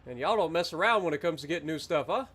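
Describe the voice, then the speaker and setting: A man's voice: on the high side, expressive, fast talker, fairly bright tone, husky. A man streaming a farming game, chatting casually with viewers while he plays. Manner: chatty, rambling, talks to chat while playing. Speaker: livestreamer. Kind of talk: casual gameplay commentary.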